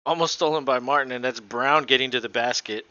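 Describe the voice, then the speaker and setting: A man's voice: medium pitch, steady tone, brisk, pushed and bright, dry recording. A male podcast co-host doing casual, offhand live play-by-play commentary and swearing now and then, recorded on a dull lo-fi home mic.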